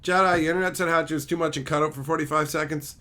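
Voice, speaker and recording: A man's voice: on the high side, racing. A man hosting a casual livestream, chatting with viewers and ranting and swearing freely about plot holes in shows. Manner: animated, swears often, mocks logic gaps. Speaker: livestream host reading chat.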